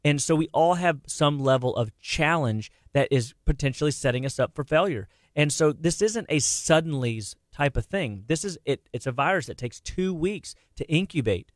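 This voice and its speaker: A middle-aged man talking casually about health on a radio show, animated and quick, with many restarts and repeated words. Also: on the high side, dry recording, clean studio sound.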